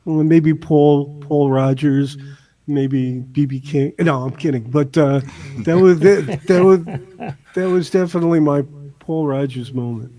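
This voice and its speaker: Male guest, high voice, playful and self-mocking in casual chat. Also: unhurried. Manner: joking, self-deprecating, animated. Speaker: guest musician.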